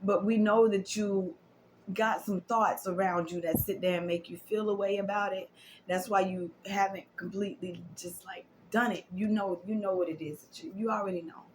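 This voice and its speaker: A woman's voice: medium pitch, fairly even intonation, normal speed, a little hiss or hum, low-quality recording. Emotional woman giving a spiritual card reading. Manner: affirming, repetitive, emotional, drops to whispers. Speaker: tarot and oracle card reader.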